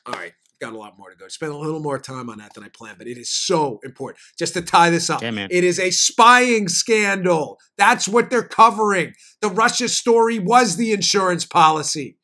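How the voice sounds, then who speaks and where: A man's voice: sits high, lively intonation, pushed and bright. A man with a New York accent hosting a political talk podcast, arguing emphatically and reading ads. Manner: emphatic, rapid, argumentative delivery. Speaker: political talk show host. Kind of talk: political commentary podcast with ad reads.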